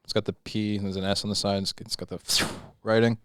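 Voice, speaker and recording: A man's voice: on the low side, little pitch movement, fast, smooth, no echo, clean studio sound. A young man co-hosting a podcast, telling a story in casual chat, swearing freely. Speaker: podcast co-host.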